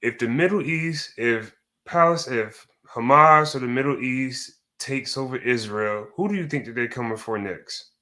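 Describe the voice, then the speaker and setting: A man's voice: medium pitch, normal speed, pushed and bright. A man giving a heated, profane reaction rant as a commentator, cursing and restarting his sentences as he goes.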